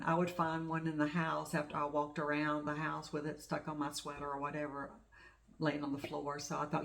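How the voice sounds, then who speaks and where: Chatty woman with a low voice. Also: level tone, moderate pace, creaky. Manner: chatty and rambling, gushing over small things. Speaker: craft channel host. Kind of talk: casual show-and-tell chat.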